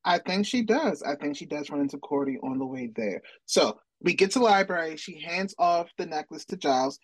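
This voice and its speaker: A man with a husky voice recapping a TV episode for a podcast, recorded dry and close. He rambles, corrects himself mid-sentence and drops into playful quoted asides. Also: a little high, lively intonation, a little fast, no room sound. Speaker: podcast co-host. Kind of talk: casual pop-culture recap chat.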